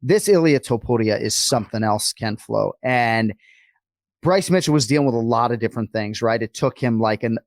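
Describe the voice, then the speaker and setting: A man co-hosting a podcast, talking casually and energetically, with quick asides. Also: mid-range voice, no room sound, clean studio sound. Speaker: podcast co-host. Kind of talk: casual chat.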